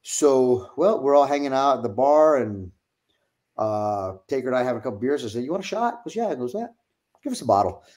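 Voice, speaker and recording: Middle-aged male guest, lively storyteller who swears and laughs, streaming mic. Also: medium pitch, fairly quick. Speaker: wrestling guest. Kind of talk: casual storytelling.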